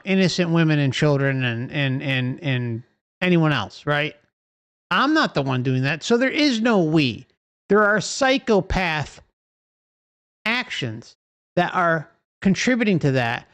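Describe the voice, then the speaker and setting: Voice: medium pitch, no echo. A livestream host delivering an impassioned, profane rant full of rhetorical questions.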